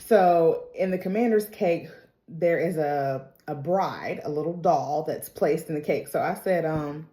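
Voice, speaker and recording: A woman's voice: deep voice, unhurried, mellow, roomy sound. A woman giving a casual recap of a TV episode, chatty and full of slang, laughing often. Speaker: TV recap vlogger.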